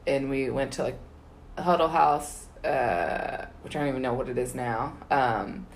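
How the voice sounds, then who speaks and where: A woman's voice: extremely low pitch, measured pace. A young woman chatting casually, rambling with many fillers and frequent laughter. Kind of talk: casual chat.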